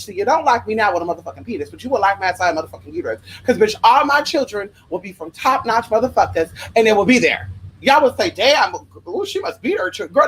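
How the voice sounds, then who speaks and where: A sassy spiritual worker chats straight to viewers, rambling from one tangent to the next. The voice leaps high and drops low, and the talk is loaded with swearing. A faint hiss sits under it. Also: low-quality recording. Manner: profane, sassy and animated, with big pitch swings. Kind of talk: casual storytelling to viewers.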